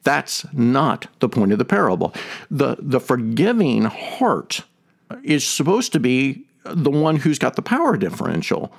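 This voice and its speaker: A man's voice: medium pitch, huge pitch swings, measured pace, gravelly. A man hosting a podcast, giving an earnest teaching talk and restating his main point several times. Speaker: podcast host. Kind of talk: teaching talk on a faith topic.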